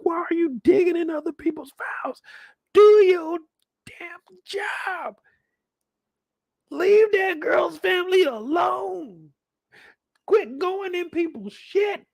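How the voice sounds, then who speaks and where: A man doing a furious shouting police captain. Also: mid-range voice, steady tone, rapid-fire, few pauses, no echo, close to an everyday voice. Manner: shouting, cursing, barking orders. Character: furious male police captain, loud and bossy.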